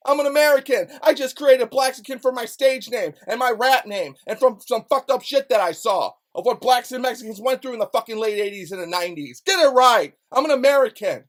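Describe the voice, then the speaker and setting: A man, a rapper, delivering an angry, profane rant to camera in a loud, heated voice. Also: very high voice, expressive, brisk, hardly any pauses. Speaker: rapper and vlogger.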